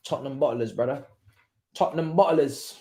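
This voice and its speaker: A young man hosting a live football watchalong, talking in an excitable, slangy way, laughing often and swinging from loud outbursts to quiet asides. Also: medium pitch, moderate pace. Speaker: livestream watchalong host.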